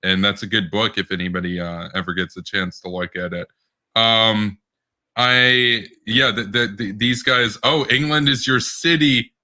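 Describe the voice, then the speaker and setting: A man's voice: fairly low pitch, little pitch movement, a little slow, sharp tone. A man co-hosting a casual political podcast, rambling with many restarts and bursts of laughter. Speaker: podcast co-host.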